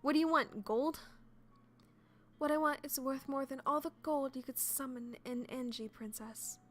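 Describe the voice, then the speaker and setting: A woman's voice: sits high, normal speed, fairly bright tone. A woman voicing a snide, mocking witch.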